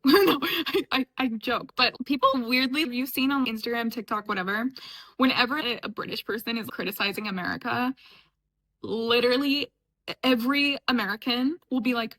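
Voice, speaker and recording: A young woman from upstate New York reacts to clips in a casual, sarcastic chat, laughing often. Her voice sits on the high side with a fairly bright tone and a moderate pace, and the recording is rough.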